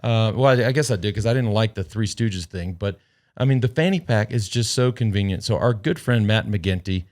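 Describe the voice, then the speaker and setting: A man's voice: on the low side, brisk, darkish tone. A man hosting a podcast in casual chat, rambling and joking with plenty of swearing, into a headset mic. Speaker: podcast host.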